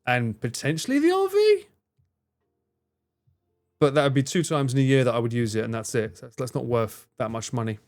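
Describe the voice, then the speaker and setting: A man hosting a relaxed live stream, talking in a loose, rambling way. He drops casual swears and answers viewers by name as he reads their messages. His voice sits at an ordinary middle pitch. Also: fast, hardly any pauses. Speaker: livestreamer reading and answering chat.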